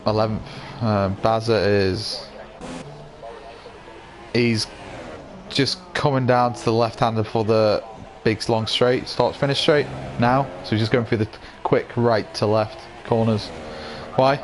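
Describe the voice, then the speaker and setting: A man with a croaky voice giving excitable live commentary on an online racing league, rising to yells at incidents. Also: lowish voice, unhurried, long pauses, a little hiss or hum.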